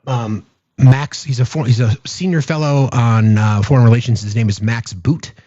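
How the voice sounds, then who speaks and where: A man's voice: mid-range voice, normal speed, warm tone, no echo, lo-fi sound. A man hosting a political commentary stream, talking in an exasperated, sarcastic way and firing off rhetorical questions.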